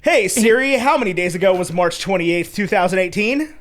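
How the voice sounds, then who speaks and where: Give me a playful male podcast host with a high, animated voice. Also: fairly quick. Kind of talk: casual movie podcast chat.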